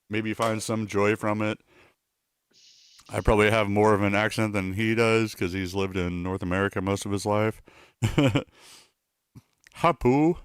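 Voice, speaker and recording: Low-voiced man rambling on a live stream. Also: clean tone, no room sound, studio quality. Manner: rambling, self-mocking, reading chat aloud. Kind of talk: casual live-stream chat.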